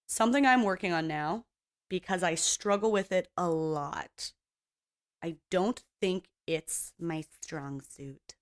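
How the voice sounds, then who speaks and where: A woman hosting a podcast on her own in casual chat, rambling and blunt, swearing freely and mocking herself. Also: mid-range voice. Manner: self-mocking and playfully opinionated. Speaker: podcast host.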